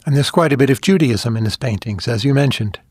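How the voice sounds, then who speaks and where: A man's voice: mid-range voice, a little fast, a little mellow, slightly rough, no echo. A man hosting an interview, asking direct, curious questions. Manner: inquisitive, direct. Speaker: host.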